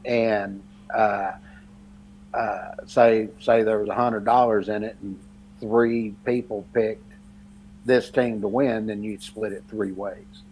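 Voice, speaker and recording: A man's voice: lowish voice, fairly even intonation, slow pace, darkish tone, slight background noise, rough recording. A man co-hosting a casual sports podcast, rambling with lots of fillers and laughing through his stories. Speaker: podcast co-host. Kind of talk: casual chat.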